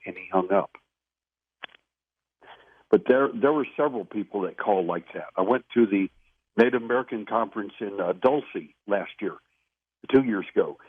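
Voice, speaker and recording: Low-voiced male interview guest calling in on a dry, phone-like line; earnest, emphatic storyteller. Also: moderate pace, pauses often, breathy edge, no room sound. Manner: earnest, emphatic anecdotal telling.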